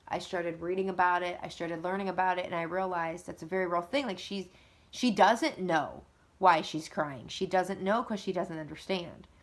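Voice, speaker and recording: A woman, likely in her thirties, talking earnestly and conversationally about parenting and getting help, with lively emphasis. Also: lowish voice. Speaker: mother of two. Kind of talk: casual advice talk.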